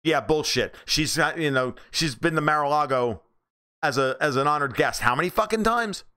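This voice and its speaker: A man's voice: lively intonation, moderate pace, sharp tone, smooth. Blunt, profane American man host. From United States. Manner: mocks others in high squeaky voices. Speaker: livestream host reading chat. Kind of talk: casual political livestream commentary.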